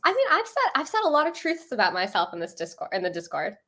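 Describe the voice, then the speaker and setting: A woman's voice: medium pitch, wildly swooping pitch, quick pace, fairly bright tone. A young American woman in casual chat, chatty and self-deprecating.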